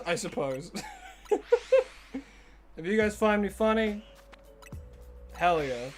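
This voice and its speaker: A man's voice: high-pitched, lively intonation, slow pace, faint music behind. Jokey Australian streamer guy. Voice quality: prone to voice cracks. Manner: jokey, greets and answers chat readers. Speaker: live streamer. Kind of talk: casual live-stream chat while gaming.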